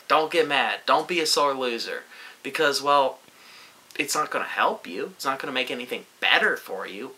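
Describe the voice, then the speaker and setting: Vlogger, male, bright forceful voice, sarcastic gloating delivery, casual monologue. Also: medium pitch, poor audio.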